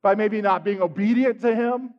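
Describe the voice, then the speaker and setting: Male preacher, high voice, animated, swings loud to soft, long hall reverb, muffled sound. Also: moderate pace. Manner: animated storytelling, acting out scenes, swings from loud to hushed. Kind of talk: sermon.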